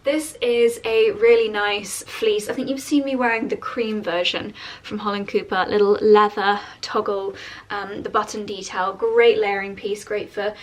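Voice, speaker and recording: A woman in her thirties chatting casually to camera in a vlog, gushing and enthusiastic about what she shows. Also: mid-range voice. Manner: gushing and chatty, coos at a dog. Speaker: vlogger. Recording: slightly distant mic with faint noise.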